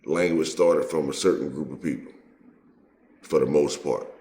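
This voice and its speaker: A man's voice: rumbling low, fairly even intonation, normal speed, warm tone, echoey room. A man hosting his own video, giving a heated, profane commentary full of street slang. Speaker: online video host.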